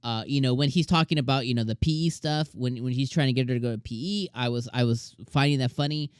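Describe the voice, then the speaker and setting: A man's voice: mid-range voice, fast, smooth, no room sound, studio quality. A young man hosting an anime review show, talking casually and animatedly with lots of slang and filler words.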